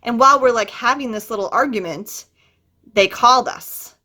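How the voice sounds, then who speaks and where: A chatty middle-aged woman tells a travel story in an easy, conversational way. Her voice is bright and sits a little high, and it leaps even higher when she acts out what she once said. She laughs often as she talks. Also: moderate pace. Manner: chatty and animated, laughs often, jumps to high pitch when quoting herself. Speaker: travel vlogger. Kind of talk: casual storytelling.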